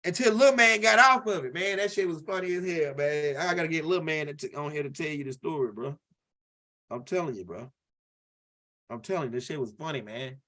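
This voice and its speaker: A high-pitched man from tells a loose, rambling stand-up story. He circles back, repeats lines and keeps asking "right?" as he talks. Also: fairly quick, sharp tone. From Louisiana. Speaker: comedian.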